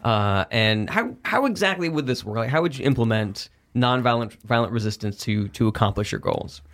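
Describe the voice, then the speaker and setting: Stammering, incredulous comedy radio host. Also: male voice, medium pitch, expressive, moderate pace, fairly bright tone. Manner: stammering, incredulous, playing the straight man. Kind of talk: comedy interview show. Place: rented studio.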